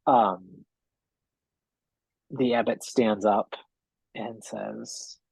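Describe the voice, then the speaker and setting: A man narrating a tabletop game as game master, slow and hesitant, with many fillers. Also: lowish voice, fairly even intonation, vocal fry, a little mellow, breathy edge, dry recording, poor audio.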